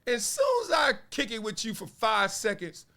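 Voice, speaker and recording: A man, giving playful, animated casual commentary on sports media. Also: high-pitched, normal speed. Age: 40s. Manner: animated, playful, acts out quotes in voices.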